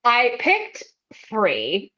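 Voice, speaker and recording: A woman's voice: on the high side, huge pitch swings, drawn-out words, lo-fi sound. A woman co-hosting a casual movie-review podcast, chatty and giggly, often trailing off. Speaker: podcast co-host.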